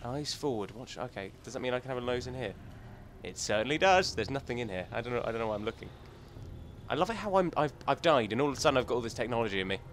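A man's voice: medium pitch, animated, fast talker, slight background noise. A man hosting a gaming channel, chatting and joking casually as he thinks aloud through gameplay commentary.

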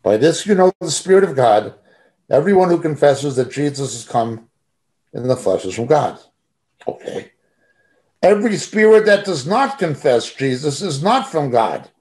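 A middle-aged man teaching a Bible study over a video call. He reads scripture verses aloud and follows them with emphatic comments. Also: a little high.

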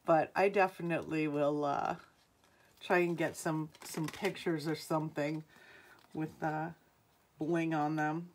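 New england lady doing a live jewelry sale, unhurried, lowish voice, chatting with viewers. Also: little pitch movement, darkish tone. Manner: chatty, calls out item numbers and sales.

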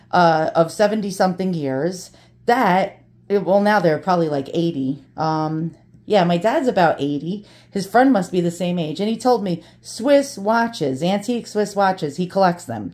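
A woman's voice: fairly low pitch, unhurried, darkish tone. A brash, profane woman chatting casually to viewers as she unboxes antiques, joking and swearing as she goes.

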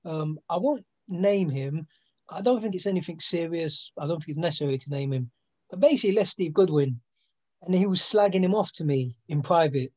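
A man's voice: high-pitched, expressive, brisk, darkish tone. A man guesting on a casual boxing chat, telling frank stories and acting out quotes. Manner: storytelling, acts out quotes, frank.

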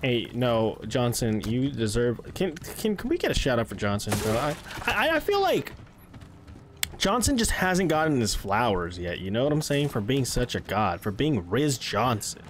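An excitable man commentating his game on a live stream into a close microphone, his pitch bouncing up and down. He talks casually with his viewers and bursts into swearing and yelling when startled. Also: normal speed, noisy background. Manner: chats with his chat between gameplay. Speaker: streamer playing a horror game. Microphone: streaming microphone close to his face.

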